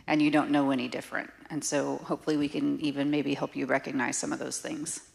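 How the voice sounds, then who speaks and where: A woman's voice: extremely low pitch, fast, creaky. Candid woman co-teaching a class. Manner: candid, animated, laughs easily. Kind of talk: conversational church class teaching.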